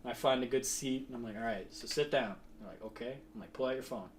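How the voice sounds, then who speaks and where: A man's voice: mid-range voice, fast talker, a little hiss or hum. A young man chatting casually and telling a story, laughing often and acting out what people said. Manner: animated, laughing often, acts out quotes.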